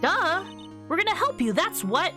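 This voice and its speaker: Woman doing a peppy high-voiced girl sidekick. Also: normal speed, over music. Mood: excited. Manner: excited, high and loud. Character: peppy young female spirit-medium sidekick. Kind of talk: reading game dialogue aloud.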